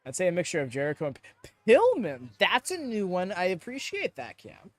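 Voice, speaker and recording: A young man hosting a live watchalong stream, chatting excitedly with many fillers and quick laughs on a close mic. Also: high voice, no echo. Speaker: watchalong host. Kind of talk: live reaction commentary.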